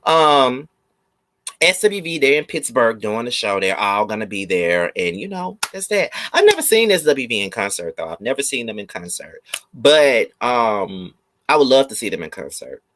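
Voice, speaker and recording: A man chatting casually through a live review of a TV episode. He is animated and slips into mocking impressions. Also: medium pitch, moderate pace, slight background noise.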